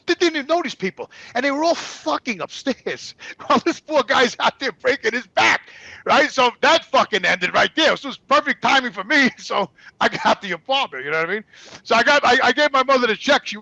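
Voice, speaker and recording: A man's voice: very high-pitched, big pitch swings, normal speed, vocal fry, sharp tone, no echo. A man telling a personal story as a guest, in blunt, profane, repetitive talk. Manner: blunt, profane, repeats himself.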